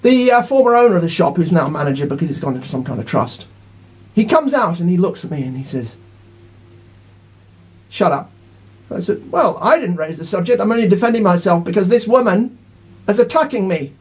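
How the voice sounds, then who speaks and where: High-voiced indignant man ranting. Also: big pitch swings, fast talker, a little mellow, slightly rough. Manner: indignant, rambling, repeats himself. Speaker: vlogger. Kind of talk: ranting monologue to camera.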